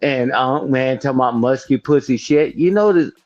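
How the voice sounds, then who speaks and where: A man's voice: mid-range voice, normal speed, darkish tone, dull audio. An older man, holding forth on a heated livestream panel and repeating himself for emphasis. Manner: emphatic, repeats "I'm telling you", preachy.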